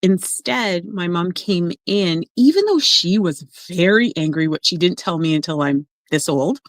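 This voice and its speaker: A woman who works as an emotional coach, talking in a casual podcast conversation and telling stories with lively acted-out voices. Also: on the low side, unhurried, no room sound. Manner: animated storyteller, acts out quoted voices.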